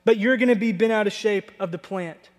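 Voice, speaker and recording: A patient, gently exasperated divine voice, as a preacher puts it on coaxes in a fairly high male register. It carries a long hall echo. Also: fairly quick, lightly acted.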